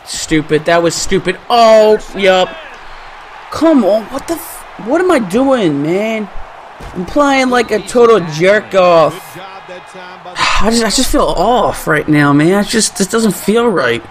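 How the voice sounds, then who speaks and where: A man gives live commentary over a football video game match he is playing. His voice sits high, and he talks at an unhurried pace. He gets excitable, groaning, swearing and shouting at the plays. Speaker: gaming YouTuber.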